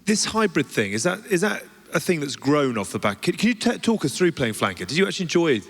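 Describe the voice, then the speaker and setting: A male host fires off quick, teasing questions in rapid bursts. His voice sits a little back in a live hall with a long reverb. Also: fairly high pitch, very animated. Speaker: podcast host. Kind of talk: live podcast interview.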